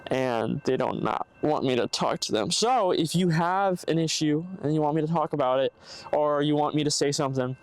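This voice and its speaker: Earnest young man giving rambling advice. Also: on the high side. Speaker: podcast host. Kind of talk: casual solo podcast monologue. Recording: faint background noise, bad mic.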